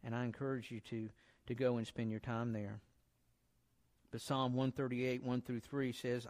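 A man giving an informal sermon, talking in a relaxed, encouraging way and reading scripture aloud. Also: mid-range voice, moderate pace. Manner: conversational, encouraging, repeats himself, reads scripture aloud. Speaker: preacher.

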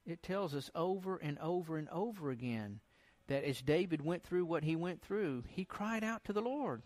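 A man giving an informal sermon, talking in a relaxed, encouraging way and reading scripture aloud. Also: fairly high pitch, normal speed. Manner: conversational, encouraging, repeats himself, reads scripture aloud. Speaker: preacher.

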